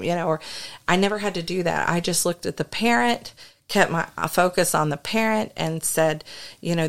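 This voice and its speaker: A woman's voice: fairly low pitch, normal speed, vocal fry. A woman co-hosting a podcast, earnestly telling a ministry story in a casual, story-driven way. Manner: earnest, story-driven, with frequent restarts and fillers. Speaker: podcast co-host and deliverance minister.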